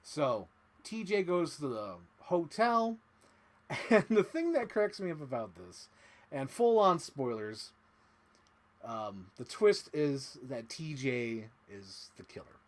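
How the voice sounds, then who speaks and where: A host casually recaps a horror film, acting out quotes and laughing along the way in an animated retelling. His voice is a little high and his pace slow.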